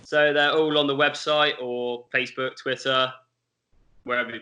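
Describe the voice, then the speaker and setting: A man gives betting tips as a podcast guest, in a plain and confident way. His voice is mid-pitched and very bright, with a sharp edge. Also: flat delivery, moderate pace. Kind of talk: casual chat.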